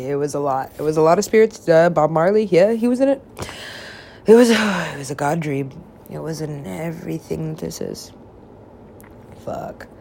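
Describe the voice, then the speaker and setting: Creaky-voiced woman murmuring and whispering. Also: low voice, a little mellow. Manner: drifting, profane, often dropping into whispers. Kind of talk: rambling monologue.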